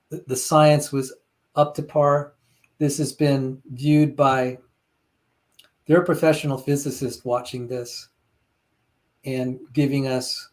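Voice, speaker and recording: A man's voice: mid-range voice, darkish tone. A man hosting a casual online chat, telling stories animatedly and quoting other people. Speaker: channel host.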